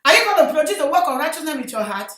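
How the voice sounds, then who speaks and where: Non-native English woman evangelist, high bright voice, fervent shouting sermon, echoey room. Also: very animated, racing. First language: not English. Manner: impassioned, shouting bursts, addresses listeners as my sister. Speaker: evangelist preacher.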